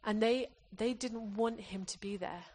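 A woman's voice: fairly high pitch, measured pace, a little mellow. A woman preacher from England giving an earnest sermon, often restarting her phrases as she exhorts the congregation.

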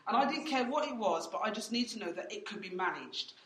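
A woman's voice: mid-range voice, lively intonation, fast talker, fairly bright tone, far from the mic. Chatty woman telling her story. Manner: chatty storytelling with fillers, voices others in quotes. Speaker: church teacher. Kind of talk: teaching testimony. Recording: roomy and off-mic.

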